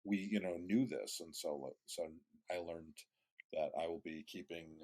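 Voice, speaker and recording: A man with a fairly low voice tells a loose, rambling story on a podcast. He restarts his sentences often and swears freely as he talks. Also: measured pace, darkish tone. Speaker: podcast co-host. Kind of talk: casual conversational storytelling.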